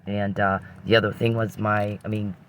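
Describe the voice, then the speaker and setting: A man with a low, gravelly voice, rambling through a personal story on his podcast. He restarts his sentences often and drifts into religious reflection, and a faint hiss sits under the recording. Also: flat delivery, normal speed, a bit bright.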